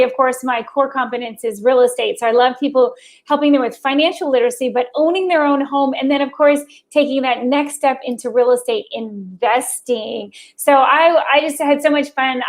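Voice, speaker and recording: Bubbly high-voiced woman guest. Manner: bubbly, exclamatory. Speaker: guest, former radio host. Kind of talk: casual interview chat.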